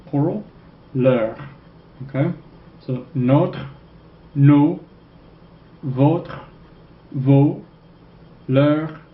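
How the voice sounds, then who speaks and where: A man teaching a French grammar lesson, who keeps checking in with "okay?" and repeats French phrases slowly. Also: mid-range voice. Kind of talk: recorded classroom lecture. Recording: echoey room, dull lo-fi sound, faint noise.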